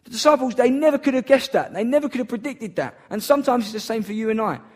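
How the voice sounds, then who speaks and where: High-voiced earnest male preacher. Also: animated, fast. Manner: earnest, emphatic, repeats key phrases. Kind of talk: sermon.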